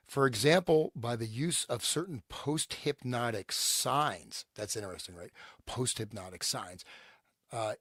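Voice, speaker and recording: A man's voice: mid-range voice, no echo. Joking man reading aloud, dry mic. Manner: joking, laughs often, reads aloud with pauses. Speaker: podcast co-host. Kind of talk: casual podcast chat and reading a document aloud.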